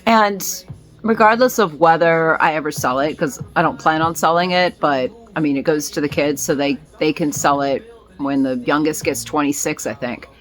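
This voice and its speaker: A woman's voice: low voice, normal speed, faint music behind. A woman vlogging in a casual, rambling way, with many fillers and restarts. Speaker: vlogger and small business owner.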